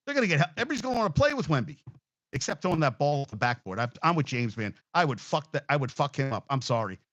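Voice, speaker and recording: Animated, profane sports-talk guy. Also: a little high, no room sound. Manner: rambling, profane, emotional. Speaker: sports talk show host.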